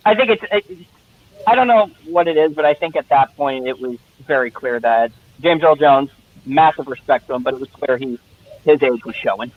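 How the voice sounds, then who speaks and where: A man's voice: medium pitch, moderate pace. Wry man on a tinny line. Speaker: guest speaker. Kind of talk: casual live-stream chat.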